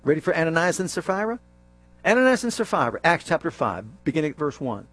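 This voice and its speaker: Animated, jokey male preacher. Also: fairly high pitch, fast talker, dry recording. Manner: animated and jokey, acts out scenes. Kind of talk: sermon.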